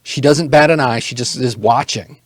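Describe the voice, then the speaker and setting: A man narrating as a tabletop game master, relaxed and chuckling, with many fillers. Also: mid-range voice, moderate pace, dry recording.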